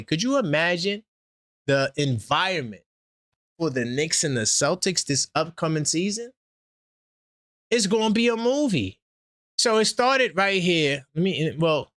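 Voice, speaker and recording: A man hosting a casual sports fan stream, talking animatedly and trash-talking, swinging between loud outbursts and low asides. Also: dry recording, clean studio sound. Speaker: sports channel host.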